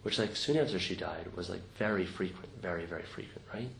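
Gravelly man giving a reflective talk. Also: deep voice, brisk. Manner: reflective, conversational, tags many sentences with "right?". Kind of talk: informal dharma talk to a group. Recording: roomy recording with faint noise.

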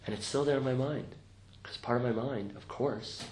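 A man's voice: medium pitch, normal speed, a little mellow. A man teaching meditation to a group in an informal, reflective talk, often checking in with "right?". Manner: reflective, conversational, tags many sentences with "right?". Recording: roomy recording with faint noise.

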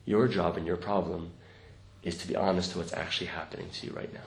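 Speaking low and flat at a quick pace, a man leads a group through meditation in a relaxed, reflective talk. He keeps it conversational, tagging many sentences with "right?" to check in. The recording is roomy, with faint noise.

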